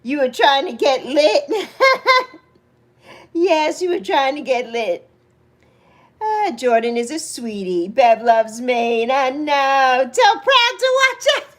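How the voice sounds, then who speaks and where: A woman in her sixties hosts a casual livestream, reading comments and greeting viewers by name with affection. Her high voice is animated, though she speaks slowly and leaves long pauses.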